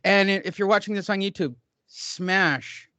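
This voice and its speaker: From a studio desk, a man hosts a boxing podcast in a high-pitched, bright, forceful voice, unhurried and with no room sound. His banter is casual and crude, full of loose rants and profane jokes.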